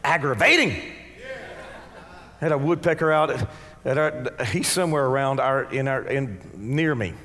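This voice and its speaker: A man preaching a sermon with fervent call-and-response exhortation, dropping to quiet asides and rising to shouts. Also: medium pitch, lively intonation, moderate pace, long pauses. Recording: long church-hall reverb.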